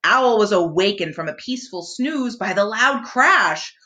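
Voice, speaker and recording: A woman librarian reading a picture book aloud to children, with expressive storytelling. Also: mid-range voice, measured pace, few pauses.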